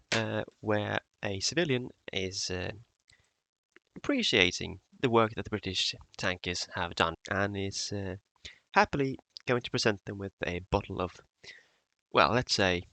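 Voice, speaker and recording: A man's voice: lowish voice, vocal fry, bright, forceful tone, dry recording. A man presenting his model builds in a casual tutorial vlog, hesitant with many fillers.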